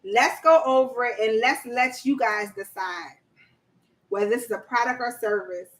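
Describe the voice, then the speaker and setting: Here the woman's voice is a little high and a bit bright, at a moderate pace, and the recording quality is low. She's a livestream host giving casual, slangy coaching on government contracts, asking her audience questions and reading their chat out loud. Frequent laughter and "y'all" mark her manner.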